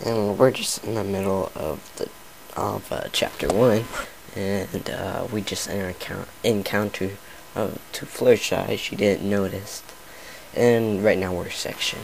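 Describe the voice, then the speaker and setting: A man's voice: fairly low pitch, fairly even intonation, measured pace, creaky, slight background noise, poor audio. A man casually reading a fan fiction story aloud, often stumbling and restarting his words. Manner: stumbling, many fillers and restarts. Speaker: story reader.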